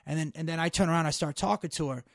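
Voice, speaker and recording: A middle-aged man telling a story in casual chat, animated and profane, getting loud when worked up. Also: on the high side, racing, dry recording, clean studio sound.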